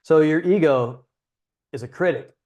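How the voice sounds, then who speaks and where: On a muffled recording, a young man with a slightly high, somewhat mellow voice speaks unhurriedly. He hosts a livestream where he gives dating advice casually and bluntly, swearing often.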